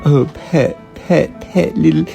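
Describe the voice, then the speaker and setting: Speaking slowly in a deep, creaky voice, a woman teases her pet cat with playful baby talk in a casual chat. She is the cat's owner, and music plays in the background.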